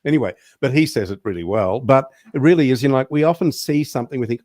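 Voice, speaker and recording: A man, the show's guest, explaining things in a measured way in casual online talk. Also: mid-range voice, a little mellow, no echo, clean studio sound. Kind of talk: casual online show interview.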